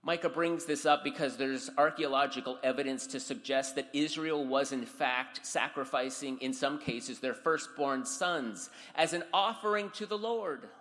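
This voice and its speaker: Man preaching in a bright, echoing hall. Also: mid-range voice, moderate pace, few pauses. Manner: dramatic, voices scripture with raised intensity. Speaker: pastor. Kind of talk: sermon.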